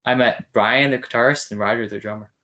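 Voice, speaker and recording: A man's voice: medium pitch, fairly even intonation, brisk, dull audio. Eager young man hosting a podcast. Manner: eager, starstruck, soft-spoken asides. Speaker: podcast host. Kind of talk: casual interview.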